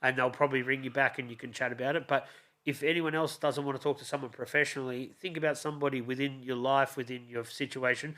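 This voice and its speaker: Laid-back podcast host, bright tone. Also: male voice, medium pitch, little pitch movement, quick pace. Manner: laid-back, supportive, casual swearing. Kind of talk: casual chat.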